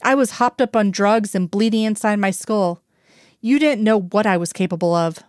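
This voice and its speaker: A woman's voice: mid-range voice, normal speed, no echo, natural voice. Angry rattled fbi guy snapping short lines, a woman reading him, dry close sound. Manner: tense, clipped, sharp outbursts. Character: angry shaken male FBI agent.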